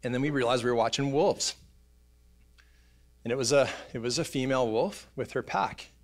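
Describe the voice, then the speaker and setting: A man, preaching a sermon in a church, telling stories in an animated way and acting out voices and sounds. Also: mid-range voice, moderate pace. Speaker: pastor. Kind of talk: casual sermon storytelling. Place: church auditorium.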